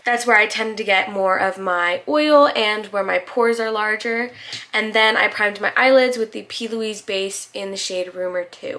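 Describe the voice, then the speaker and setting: A woman's voice: medium pitch, pushed and bright. A young woman with a slight lisp, chatting casually and bubbly as a beauty vlogger reviewing makeup.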